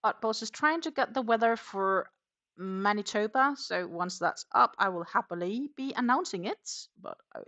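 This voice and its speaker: A woman's voice: medium pitch, animated, moderate pace, fairly bright tone. A Danish woman with a mixed Danish, Dutch and English accent, chatting casually on a crochet livestream from home and reading viewer comments aloud, with many fillers. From Denmark. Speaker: crochet live streamer.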